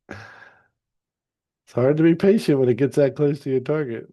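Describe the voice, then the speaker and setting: Mellow-voiced man walking through a trade. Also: mid-range voice, measured pace, pauses often. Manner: easygoing, explanatory, with fillers and restarts. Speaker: trading educator. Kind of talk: narrated chart walkthrough.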